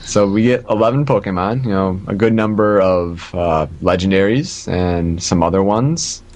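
Man, low voice, podcast host, casual gaming chat, jokey, leads the segments. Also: normal speed, a little mellow.

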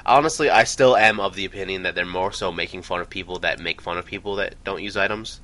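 This podcast co-host talks fast in a low voice that sounds pushed and bright. He rambles through casual gaming chat, restarting his sentences often.

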